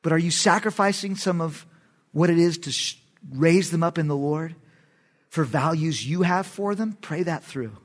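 A middle-aged man, a pastor preaching a sermon in an animated, emphatic way, with sudden loud bursts. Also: on the high side, moderate pace.

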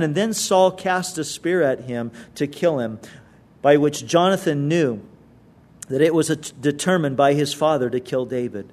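A man's voice: on the high side, normal speed, a little mellow. A male pastor reading scripture aloud and explaining it in a conversational sermon, with emphatic retellings.

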